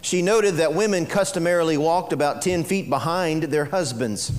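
A man's voice: a little high, moderate pace, in a large hall. A man preaching a sermon as pastor, mixing folksy jokes with earnest teaching, in a church sanctuary.

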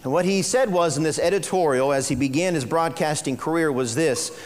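A man's voice: on the high side, brisk, in a large hall. A man preaching a sermon as pastor, mixing folksy jokes with earnest teaching, in a church sanctuary.

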